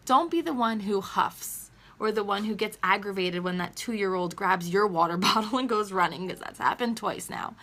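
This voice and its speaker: A teacher and mom in her thirties livestreams from her phone, speaking earnestly to viewers while laughing and holding back tears in an emotional video chat. Her medium-pitched, fairly bright voice moves at a normal pace with hardly any pauses.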